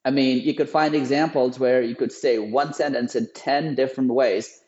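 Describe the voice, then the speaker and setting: A man who founded a voice AI company appears as a guest in a podcast interview, explaining his field emphatically with frequent restarts and repeated words. His voice is medium-pitched, a little mellow, with fairly even intonation at normal speed, and the audio sounds dull.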